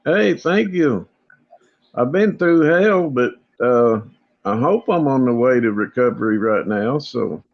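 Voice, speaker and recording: Slow-talking gravelly man. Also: mid-range voice, lively intonation. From Oklahoma. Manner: slow, drawling, plainspoken. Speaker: guest on a livestream. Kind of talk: casual livestream chat. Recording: dull lo-fi tablet audio.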